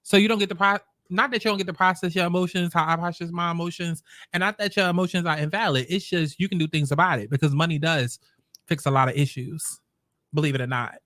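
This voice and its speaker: A man with a slightly high voice gives blunt, sassy reaction commentary. He talks while he eats. The sound is close and dry. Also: steady tone, fast talker, fairly bright tone, dry recording. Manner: eating while talking. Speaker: commentary host.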